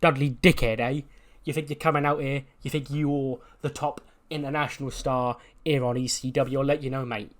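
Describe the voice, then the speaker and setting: A man's voice: medium pitch, fairly even intonation, normal speed, lightly acted. A man voicing a cocky, trash-talking English wrestler with an English accent, sneering and taunting his rival. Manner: sneering, taunting, heavy use of "mate" and insults.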